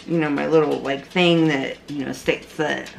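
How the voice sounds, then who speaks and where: Gravelly-voiced woman telling a fond memory. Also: low voice, steady tone, normal speed, a little hiss or hum. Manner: fond, rambling, says "like" and "you know" a lot. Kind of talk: casual storytelling chat.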